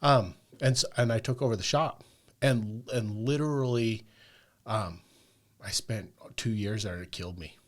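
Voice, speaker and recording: A man with a fairly low voice tells a long personal story on a podcast. He rambles conversationally and keeps checking in with the listener with "right?" and "like." The delivery is casual and unpolished. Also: moderate pace. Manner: rambling, peppers talk with "like" and "right?". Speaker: podcast guest.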